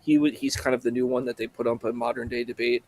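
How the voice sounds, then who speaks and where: A man's voice: mid-range voice, steady tone, quick pace, a little mellow. A man speaking as a guest in a casual panel chat, hesitant, with lots of restarts and fillers.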